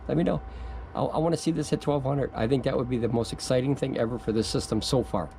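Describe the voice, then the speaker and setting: Gravelly guy rambling through a review, mellow voice, stammers a lot, gets giddy, bit of outdoor noise. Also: mid-range voice, quick pace, poor audio. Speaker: product reviewer. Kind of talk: excited off-the-cuff video review.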